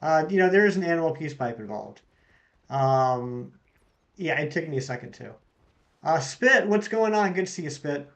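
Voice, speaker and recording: A fairly high-pitched man hosts his own live game stream in an easygoing way. He chats casually and reads his viewers' messages aloud, answering them as he goes. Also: expressive, moderate pace, a bit bright. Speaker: streamer host.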